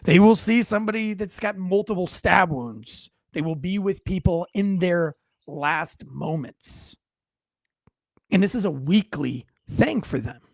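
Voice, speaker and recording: Animated forty-year-old man, dry close sound. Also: sits high, a little slow, gravelly, no echo. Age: 40s. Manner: animated storyteller who acts out shouted quotes, with frequent restarts. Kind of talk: casual storytelling monologue.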